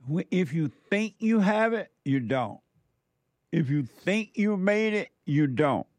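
A man's voice: fairly high pitch, lively intonation, slow, darkish tone, no room sound. A man hosting a casual live show, answering viewer messages with repetitive, preacher-like spiritual advice. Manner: repetitive, exclaims "amazing", preacher-like urging. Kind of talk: casual live-stream chat with religious advice.

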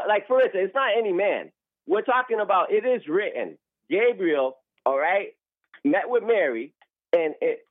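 A man's voice: high-pitched, no echo. A man calling in to argue about religion, preachy and agitated, often talking over the other speaker, heard through a phone line. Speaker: caller. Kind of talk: heated religious argument on a call-in show.

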